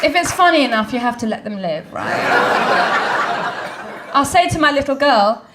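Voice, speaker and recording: A woman comedian telling stand-up stories, lively and quick to act out the quotes. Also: sits high, heavy background noise. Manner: lively storytelling, acts out quotes.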